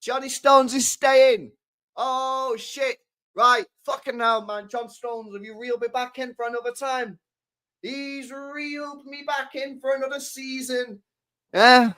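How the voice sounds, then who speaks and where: A man, chatting casually to his live-stream chat, excitable and swearing a lot, often swinging between loud and quiet. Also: very high-pitched, a little slow.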